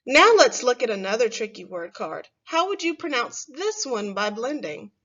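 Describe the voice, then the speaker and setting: A woman teaching a first grade phonics lesson, speaking slowly and clearly and stretching words for young children. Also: a little high, big pitch swings, fairly bright tone, lo-fi sound.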